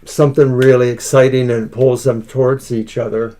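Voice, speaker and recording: A man co-hosting a live tarot stream in casual chat, speaking in a measured, hesitant way and repeating words as he thinks. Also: mid-range voice, level tone, mellow. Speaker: tarot reader co-host.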